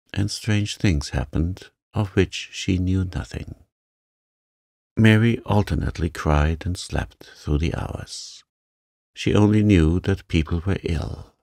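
A man narrating a sleep story for adults in a calm, gentle reading voice. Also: low-pitched, vocal fry, no echo, studio quality. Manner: slow, soft and gentle.

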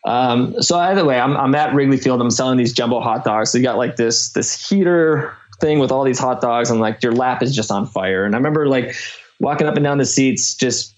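A young man from Chicago tells a long story as a guest, rambling along with plenty of "like" and "um". His voice sits at an ordinary middle pitch. The recording sounds a little dull and lo-fi. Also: brisk. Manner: rambling, filler-heavy, animated storytelling. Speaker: podcast guest. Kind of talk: casual storytelling.

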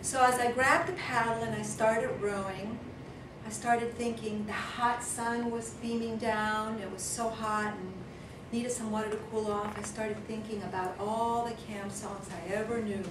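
A woman giving a humorous storytelling speech as guest speaker, lively and chuckling, acting out sounds. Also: a little high, unhurried. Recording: echoey room from far off with noise.

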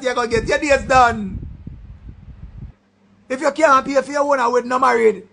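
A man with a Jamaican accent delivers a loud, insulting rant in patois. His voice sits high, with a gravelly, husky edge. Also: fairly even intonation, moderate pace, pauses often. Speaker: online commentator. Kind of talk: ranting commentary.

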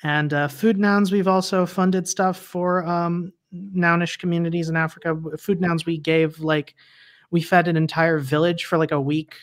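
A woman's voice: lowish voice, level tone, moderate pace. A woman guest on a livestream interview, chatting casually and laughing often as she explains things.

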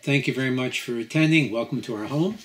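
A man, a rabbi, giving a lecture at a home gathering, telling a parable and then teaching in a measured, storytelling way with pauses. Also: medium pitch. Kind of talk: sermon-style lecture.

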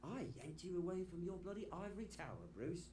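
An actor playing a bitter, British-accented gangster in a story game, brooding and sometimes breathy. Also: male voice, sits high, fast, mellow, reverberant, recorded from a distance, lightly acted. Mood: cocky. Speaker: game character.

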